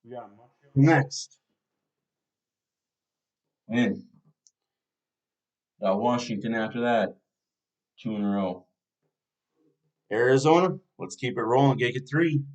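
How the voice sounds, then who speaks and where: A man's voice: medium pitch, takes it slowly, long pauses, darkish tone, highs cut off. A man hosting a fan podcast, casually previewing a hockey team's schedule and thinking aloud as he talks.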